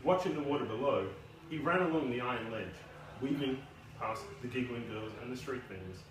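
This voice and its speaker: A man's voice: medium pitch, fairly quick, noisy background. A man, a debut novelist, giving a casual, self-deprecating speech and reading from his book at a launch. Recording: echoey room from a distance.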